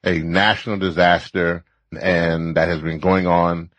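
A man's voice: low voice, level tone, a little slow, a bit bright, dry recording, low-quality recording. A man from Louisiana co-hosting a talk show in a studio, rambling and joking with many restarts. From Louisiana, family from Trinidad. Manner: rambling, jokey, frequent restarts. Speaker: co-host. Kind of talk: casual talk show chat.

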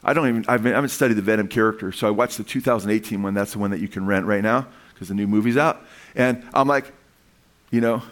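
A man preaching a sermon in a loose, conversational way, often restarting phrases and building to excited emphasis. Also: on the low side, quick pace. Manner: animated and conversational, with frequent restarts and rising emphasis. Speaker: pastor.

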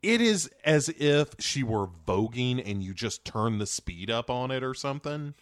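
A man co-hosting a podcast, recapping a film in casual, animated chat and acting out lines in quick voices. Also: medium pitch, no room sound, clean studio sound. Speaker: podcast co-host.

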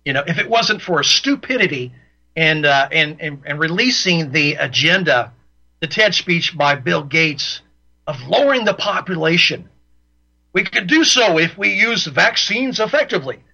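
Radio host, man, high and piercing voice, heated and repetitive, dull broadcast sound. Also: lively intonation, moderate pace, vocal fry, pushed and bright. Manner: ranting, repeats himself for emphasis. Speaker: radio talk show host. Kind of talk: opinionated radio monologue.

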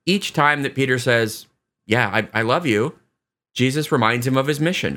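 A man, a priest, preaching a casual, animated homily and acting out the lines of the people in the story. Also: medium pitch. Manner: casual, animated retelling with quick voiced asides.

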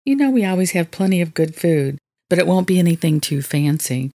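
A woman voicing a gracious, composed young woman who owns a retreat, in a low voice. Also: lively intonation, brisk, warm tone. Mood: warm.

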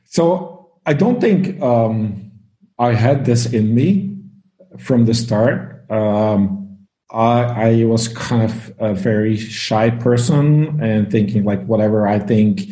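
A man's voice: fairly low pitch, slow pace, dark tone, roomy sound. A man from Belgium, a guest on a casual panel chat, telling stories with lots of fillers and frequent laughs. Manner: storytelling, laughs often, many fillers.

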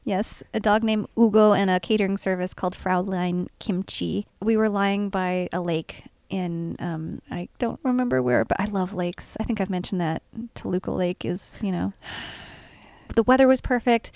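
A woman's voice: mid-range voice, normal speed, a little mellow, dry recording. A woman co-hosting a casual chat, earnest and reflective, sharing personal memories and reading short facts aloud. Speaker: podcast co-host. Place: indoors, home setting.

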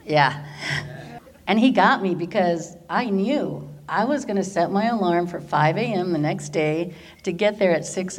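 A middle-aged woman from Orange County, California, giving a personal faith testimony as an animated storyteller who laughs often. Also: mid-range voice. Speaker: teacher and church worker.

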